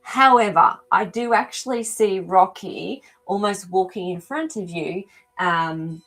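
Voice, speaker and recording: A woman's voice: mid-range voice, a little slow, fairly bright tone. A woman hosting a live animal communication show. She speaks in a casual, searching way with many ums and answers viewers' comments as they come in. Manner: hesitant, searching for words with frequent ums. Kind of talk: live-stream reading, casual chat.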